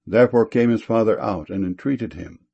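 A man reading old-style Bible verses in a measured, solemn delivery. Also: fairly low pitch, vocal fry, husky, muffled recording. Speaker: scripture reader.

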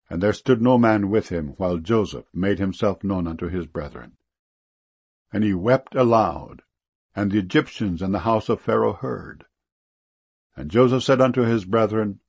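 A man giving a measured, solemn scripture reading in archaic language. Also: on the low side, expressive, husky, no echo. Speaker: scripture reader.

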